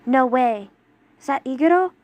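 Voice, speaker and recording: A woman voicing an excitable, teasing young man who pouts and whines in a fan audio drama reading. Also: high-pitched, moderate pace, no echo. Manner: excitable, whiny, pouty. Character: flustered playful young man, teasing and pouty.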